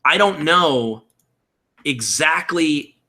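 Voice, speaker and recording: Speaking extremely slowly, a man with a slightly high, expressive, sharp-toned voice walks through character creation on a live stream. He's a streamer building a game character, rambling casually, thinking aloud and answering chat in a room at home with window blinds.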